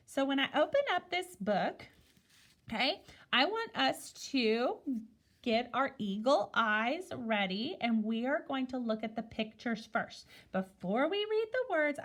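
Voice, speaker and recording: A woman's voice: sits high, a bit bright. A woman teaching a guided reading lesson to young children, asking questions and checking in with "okay?" after each point. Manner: slow, sing-song teacher talk with many "okay?" checks. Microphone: recording a video lesson.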